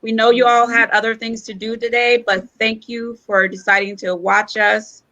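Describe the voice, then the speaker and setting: A woman's voice: fairly high pitch, flat delivery, normal speed, bright, forceful tone, highs cut off. A woman co-hosting a casual talk show, opening the episode with an upbeat rundown. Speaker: co-host.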